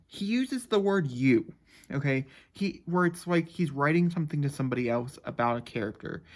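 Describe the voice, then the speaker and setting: A young man rambling emotionally about a novel in a casual reading vlog from his bedroom at night, swearing freely. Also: mid-range voice. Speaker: book vlogger.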